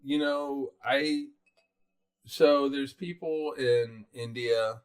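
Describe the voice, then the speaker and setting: A man's voice: mid-range voice, steady tone, very slow, clear, resonant tone. A middle-aged man from South Carolina, co-hosting a podcast in casual, rambling chat full of fillers and restarts. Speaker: podcast co-host.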